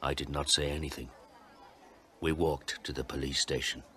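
A man reading a storybook for learners in a slow, clear, careful way. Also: extremely low pitch, fairly even intonation, sharp tone. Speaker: reader.

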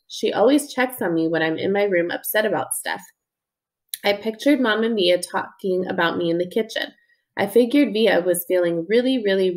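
A woman narrating an audiobook in the first person as a young boy, plain and earnest. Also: medium pitch.

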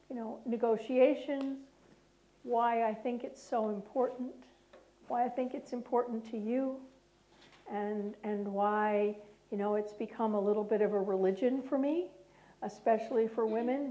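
Speaking slowly to an audience in a lecture room, this middle-aged ex-prosecutor keeps the talk conversational and directed at her listeners. The voice is a little high yet dark in tone, and the audio is poor.

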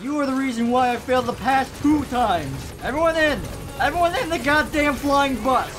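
A let's play gamer giving excitable commentary, swearing and yelling at the game. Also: sits high, normal speed, hardly any pauses, a little hiss or hum. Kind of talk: gameplay commentary.

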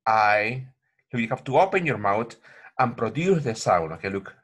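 A man teaching pronunciation in an online lesson, repeating words slowly and calling viewers "my friends". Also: mid-range voice, sing-song, slightly rough. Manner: repetitive, addresses viewers as my friends, frequent okay.

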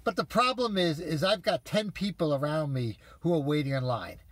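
A man's voice: a little high, expressive, moderate pace, fairly bright tone, no echo. A man telling viewers an exasperated story in a casual, profane rant. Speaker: vlogger ranting to viewers.

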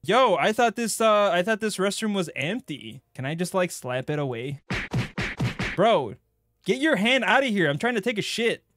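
A young man streaming a game playthrough, joking crudely and bursting into excited yelps. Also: sits high, normal speed. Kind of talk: gaming playthrough commentary.

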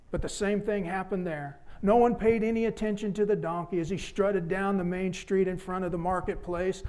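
A male pastor preaching a sermon in church, with repeated emphatic appeals that fall low and soft at the ends of phrases. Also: moderate pace. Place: church sanctuary.

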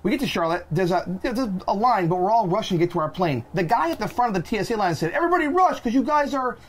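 A man co-hosting a podcast, retelling a bad travel day in an animated, exasperated way and acting out the people in it. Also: sits high, fast talker, slightly rough. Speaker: podcast co-host. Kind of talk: casual storytelling.

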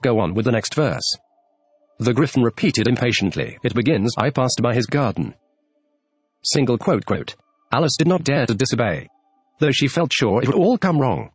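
Male storybook narrator, husky, animated delivery, dry sound with soft music under it. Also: medium pitch, normal speed, no echo. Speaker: audiobook narrator. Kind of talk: scripted narration.

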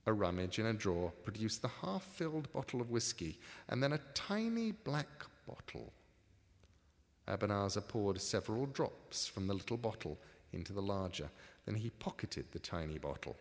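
A man reading his own book aloud at a live signing event, measured and expressive. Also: on the low side. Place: book signing tour venue. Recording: live reading in a reverberant hall.

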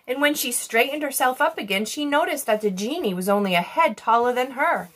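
A woman reading a children's book aloud in an expressive storytelling manner. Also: on the high side, fairly quick. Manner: expressive, animated.

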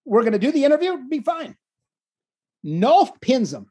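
Husky-voiced man telling a story. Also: extremely high pitch, normal speed. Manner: animated, self-deprecating, restarts phrases often. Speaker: wrestling commentator and interviewer, guest. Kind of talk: casual storytelling in an interview.

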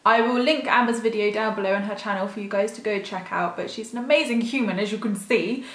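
A woman chatting excitedly through an unboxing vlog, gushing over each item in a quick, casual way. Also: medium pitch. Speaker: YouTube vlogger. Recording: roomy echo.

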